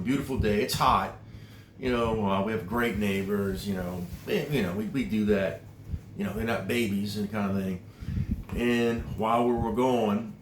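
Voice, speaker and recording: Middle-aged man, earnest rambling vlogger, roomy echo, clear background noise. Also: fairly low pitch. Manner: earnest, emotional, rambling with fillers. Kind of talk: casual storytelling vlog.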